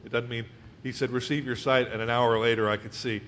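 Man, preacher, verse-by-verse Bible teaching, conversational, asks the congregation questions, middle pitch, faint background noise. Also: level tone, brisk, fairly bright tone. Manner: reads scripture aloud then explains it conversationally.

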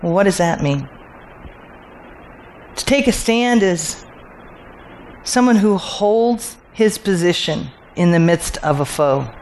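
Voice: mid-range voice, slight background noise. A Bible teacher working through scripture verse by verse, asking rhetorical questions, answering them, and repeating key phrases for emphasis.

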